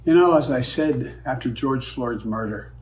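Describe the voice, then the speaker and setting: A man's voice: medium pitch, moderate pace, a little hiss or hum, poor audio. A man giving a formal political statement in an earnest, solemn manner.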